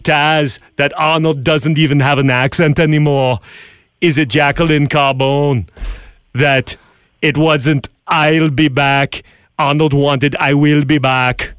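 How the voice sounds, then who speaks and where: Brief: male radio host, slightly high voice, playful and jokey. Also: fairly bright tone, smooth, no echo, clean studio sound. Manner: jokey, laughs often. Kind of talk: playful game-show banter.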